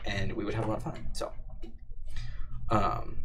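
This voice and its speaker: A man's voice: fairly low pitch, takes it slowly, pauses often, a little hiss or hum. A man hosting a casual livestream Q&A, rambling and playful, swearing and laughing often. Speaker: audio creator hosting a livestream Q&A.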